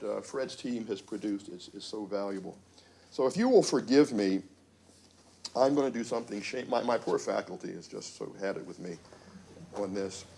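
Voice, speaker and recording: Man telling a wry story as dean. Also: medium pitch. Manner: storytelling, wry asides, animated quotes. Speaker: university dean. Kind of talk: symposium speech with anecdotes. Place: conference room.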